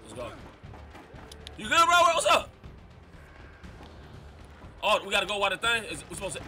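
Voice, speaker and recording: Loud trash-talking man gaming. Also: high voice, a little fast. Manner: loud, excitable, profane trash talk with slang. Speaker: gamer. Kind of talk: live gameplay commentary. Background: game music and gunfire.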